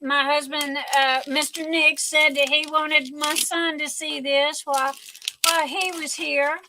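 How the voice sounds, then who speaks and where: A woman's voice: sits high, little pitch movement, a little slow, background noise. A middle-aged woman hosting her livestream at home, gushing and talking through tears. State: tearful. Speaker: livestream host. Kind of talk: casual live chat.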